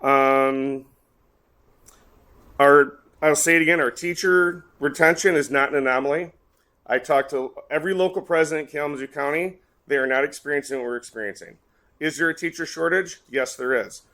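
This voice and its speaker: A man's voice: fairly high pitch, normal speed, pushed and bright. A man making a blunt, frustrated public comment at a school board meeting. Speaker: parent speaking in public comment.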